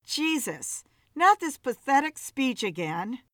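A woman's voice: high-pitched, very animated, measured pace, pushed and bright, dry recording, studio quality, heavily acted. A woman voicing a blunt, weary female bartender in an audiobook story.

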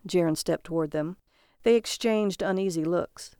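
Brief: woman narrating a story, gravelly voice, dry close sound, steady delivery. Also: on the low side, normal speed, no echo.

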